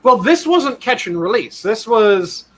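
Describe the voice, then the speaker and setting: A man with a high voice talks in casual podcast chat. He is blunt and swears freely. He explains his points at length. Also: big pitch swings, a little slow, low-quality recording. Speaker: podcast co-host.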